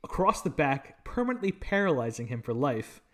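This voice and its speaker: A man's voice: fairly high pitch, sing-song, normal speed, fairly bright tone. Eager man recapping a film plot. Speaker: podcast co-host. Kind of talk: casual film review chat.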